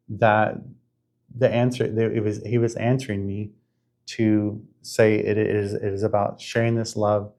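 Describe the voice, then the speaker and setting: A man in his fifties hosting a podcast, telling a spiritual story in an earnest, halting way with many restarts. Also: fairly low pitch, creaky, darkish tone. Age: 50s. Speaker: podcast host.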